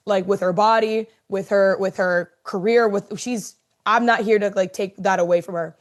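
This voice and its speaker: A woman's voice: medium pitch, fairly even intonation, moderate pace. A woman co-hosting a sports podcast, talking conversationally with fillers and building to emphatic points. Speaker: podcast co-host. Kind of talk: casual chat.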